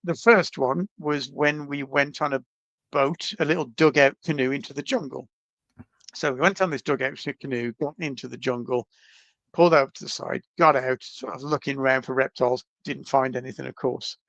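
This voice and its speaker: A man, a podcast guest, telling travel stories in a casual, animated, self-deprecating way over a video call. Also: mid-range voice, moderate pace, vocal fry, no room sound, dull audio. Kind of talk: casual storytelling.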